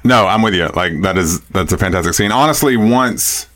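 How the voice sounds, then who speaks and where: A man co-hosting a podcast, chatting casually about a classic film, animated and laughing, with frequent restarts. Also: low-pitched, moderate pace. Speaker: podcast co-host.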